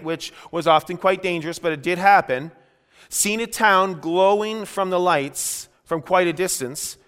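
A man preaching a sermon as pastor, emphatic, swelling and dropping his voice with slow stressed phrases. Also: a little high, fairly bright tone, clear, resonant tone. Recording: long hall reverb.

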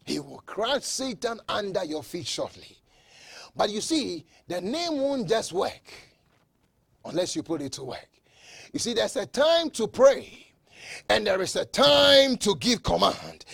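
A man preaching a sermon, shouting scripture with slow dramatic emphasis and swinging between loud proclamations and quiet asides. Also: high-pitched, sing-song, gravelly, husky, no room sound, clean studio sound. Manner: quoting scripture.

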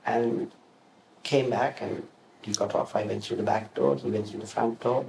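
A man answering interview questions, telling lively stories about his past and acting out the voices of the people in them. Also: lowish voice, moderate pace, vocal fry. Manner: animated storyteller, acts out quoted voices. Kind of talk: reminiscing in an interview. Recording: roomy echo with faint room noise.

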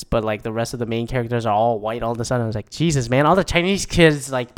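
A man's voice: mid-range voice, smooth. A man giving a casual, rambling movie review, swearing often and acting out his own reactions in quotes. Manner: profane, rambling, animated, mock-quoting his own reactions.

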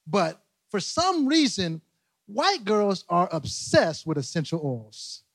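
Slow-paced yet very animated, the young preacher speaks in a high, creaky voice with no echo. At a church service in a large room, over loud guitar music, he delivers a joking, casual sermon, laughing at himself and repeating phrases.

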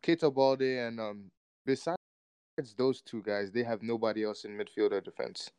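Smooth dry-voiced man bantering. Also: fairly low pitch, moderate pace, no room sound. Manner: teasing, laughs loudly, slang-heavy. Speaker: podcast co-host. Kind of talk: casual banter about football.

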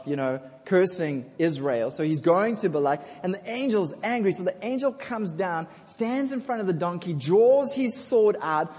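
High-voiced preacher in a reverberant church. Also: male voice, a little mellow. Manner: casual, jokey storytelling, asks congregation for responses. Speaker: pastor. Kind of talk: sermon. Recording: long church hall reverb.

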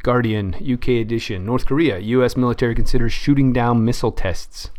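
A man's voice: mid-range voice, fairly even intonation, a little fast, a little mellow. A man hosting a casual solo podcast, reading news headlines aloud and thinking aloud with many fillers and restarts. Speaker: podcast host.

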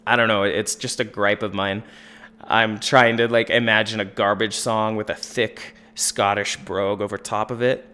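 A man on a podcast panel, chatting casually about an album in a relaxed, rambling way with lots of fillers. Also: fairly low pitch, normal speed, clear, resonant tone. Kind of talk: casual album review chat.

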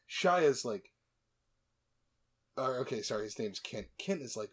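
A man in the host's chair walks his co-hosts through a movie's plot, loose and chatty. He jokes as he goes, trips over his words and circles back with little asides. His voice sits at an ordinary middle pitch for a man. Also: animated, measured pace, long pauses. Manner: joking, rambling, many asides and restarts. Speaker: podcast host. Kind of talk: casual comedic movie recap.

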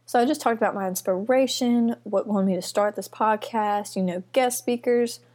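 A young woman hosting her first solo podcast from her apartment, chatting in a rambling, nervous and excited way with lots of fillers. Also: medium pitch, normal speed. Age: young adult. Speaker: podcast host. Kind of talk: casual solo podcast chat. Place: student apartment. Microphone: computer mic.

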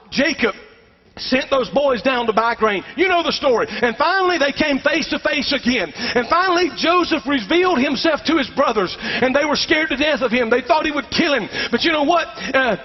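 Middle-aged pastor, very high male voice, emphatic call-and-response preaching, muffled church recording with long reverb. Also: husky. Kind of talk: sermon. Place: church sanctuary.

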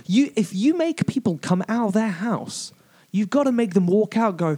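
A French man talks comedy with fired-up, swearing energy, tossing in acted-out quotes mid-rant. His voice sits on the higher side for a man. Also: lively intonation, normal speed, mellow. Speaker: comedian podcast host. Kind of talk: casual chat.

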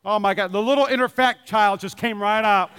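Male pastor, very high and bright voice, passionate repetitive preaching in a church with long reverb. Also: brisk, smooth. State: sweaty. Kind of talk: sermon. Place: church sanctuary.

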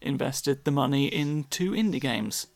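A man's voice: mid-range voice, animated, a little slow, no echo. A man, co-hosting a casual podcast chat, rambling and self-deprecating with the odd swear. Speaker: podcast co-host.

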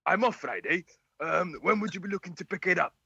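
A man's voice: high voice, a little fast, creaky, bright, forceful tone, husky, no echo, lo-fi sound, pitched above the performer's own voice, heavily acted. Man doing a breezy South Welsh bike seller. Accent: South Welsh, put on. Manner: casual clipped texting tone.

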